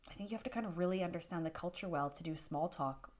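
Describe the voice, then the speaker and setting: A young woman from Canada talks casually to her camera in a vlog, piling on fillers and poking fun at herself. Her voice sits a little low for a woman. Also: fast talker, darkish tone. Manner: chatty, self-deprecating, lots of fillers. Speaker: vlogger.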